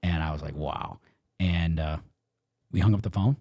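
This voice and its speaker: A man's voice: fairly quick, dry recording, clean studio sound. A middle-aged man, a real estate coach, telling a story in casual talk and acting out the voices of the people in it. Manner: animated, acts out dialogue, swings between low and high.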